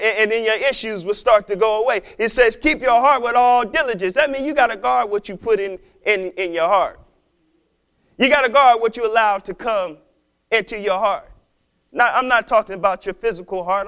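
A man's voice: high-pitched, a bit bright, smooth, rough recording. A man preaching a sermon with call-and-response questions and playful asides to the congregation. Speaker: pastor.

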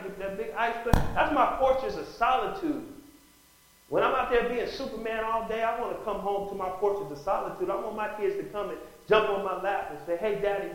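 Male pastor mid-sermon, higher-pitched voice, calls out "Amen?" to the flock, heavy room echo. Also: fairly bright tone. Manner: preaching with call-outs of "Amen?" and rising bursts of emphasis. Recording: very echoey room.

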